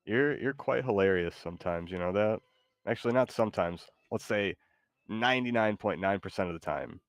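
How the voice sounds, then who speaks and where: Male streamer, very low voice, laid-back and hesitant, dry close sound. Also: a little fast, no echo. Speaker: streamer host. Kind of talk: casual live-stream chat.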